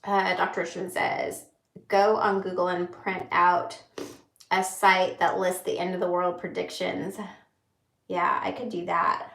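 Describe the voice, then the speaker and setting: A woman in her thirties chatting candidly on a livestream, rambling through her thoughts and pausing to read viewers' comments. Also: on the low side, level tone, gravelly, a bit bright, roomy sound. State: holding back tears. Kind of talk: casual livestream chat.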